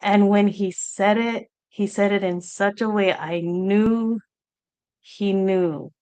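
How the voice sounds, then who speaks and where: Brief: unhurried woman guest, earnest and halting, personal testimony. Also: mid-range voice, mellow, clear, resonant tone. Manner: halting, earnest, reenacts past talk in quotes. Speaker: guest sharing her story. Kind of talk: personal testimony on a live talk show.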